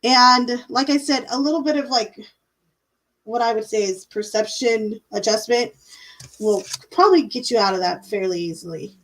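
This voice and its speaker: Chatty woman tarot reader, higher voice. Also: normal speed, a bit bright, rough recording. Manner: casual, chatty, many fillers and "like"s. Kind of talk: live-stream tarot reading.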